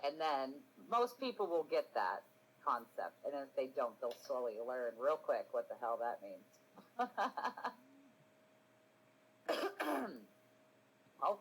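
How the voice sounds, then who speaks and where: A woman in her forties hosts a live podcast stream, chatting casually, rambling, poking fun at herself, swearing freely and laughing often. Her voice sits low and is husky with a fairly bright tone, though the audio is poor.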